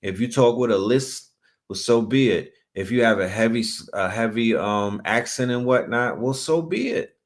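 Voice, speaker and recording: A man with a lowish voice hosts his own channel, talking straight to his viewers in a loose, slangy way. He keeps checking in with "you feel me?" as he goes. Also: moderate pace. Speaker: channel host. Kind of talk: casual commentary to a live chat.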